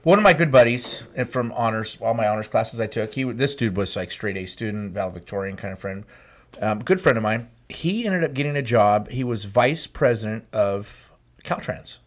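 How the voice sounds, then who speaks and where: A man's voice: on the low side, expressive, normal speed. A man co-hosting a podcast, telling a long rambling story in casual, blunt chat. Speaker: podcast co-host.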